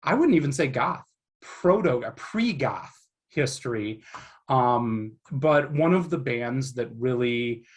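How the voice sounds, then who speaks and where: Guy hosting a podcast, kinda husky voice, long rambly questions, excited. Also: medium pitch, takes it slowly. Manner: enthusiastic, rambling questions with fillers. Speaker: podcast host. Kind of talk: casual interview.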